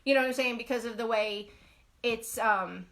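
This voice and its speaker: A young woman hosting a live stream in a bright, fairly high voice. She chats casually and bluntly and swears freely while reading viewer comments. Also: normal speed. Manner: reads viewer comments off her phone. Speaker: host of a live knitting stream.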